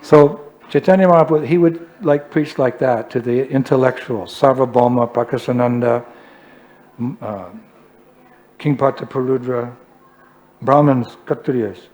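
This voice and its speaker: A male swami giving a humorous, self-deprecating storytelling sermon in an animated way. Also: mid-range voice, normal speed. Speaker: swami, preacher.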